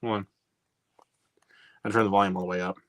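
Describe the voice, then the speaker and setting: Hosting a video call hangout, a man chats casually, laughing often and stumbling over fillers. His voice sits low with little pitch movement, and he talks fairly quickly in a fairly bright tone with no echo.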